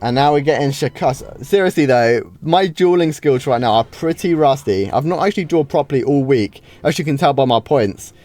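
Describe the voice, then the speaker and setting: This UK streamer has a medium-pitched, slightly mellow voice with lively intonation, speaking briskly with few pauses. He casually narrates his live game duels, reacting to the action with plenty of wows and restarted sentences. Game music hums faintly in the background.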